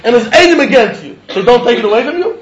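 A man's voice: very high voice, animated, fast talker, dull audio. Male Talmud teacher, questioning and chuckling, in an echoey room. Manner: poses rhetorical questions, chuckles while arguing. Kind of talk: Talmud lecture. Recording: roomy echo.

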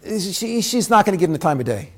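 A man teaching a Torah lesson through a dramatic story, swinging between loud bursts and hushed asides. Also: high-pitched, big pitch swings, fast talker.

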